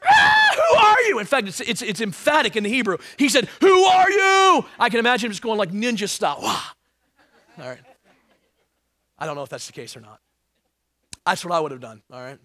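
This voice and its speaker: Animated man preaching a sermon. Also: high-pitched, fast, pauses often, no echo. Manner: animated, swings from loud emphasis to hushed tones; joking asides to the congregation. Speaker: pastor.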